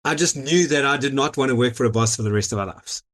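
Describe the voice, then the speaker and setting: A man's voice: medium pitch, quick pace. South African man telling his story easily. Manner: easygoing storytelling with frequent "you know" and soft laughs. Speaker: guest. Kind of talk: casual interview over a call.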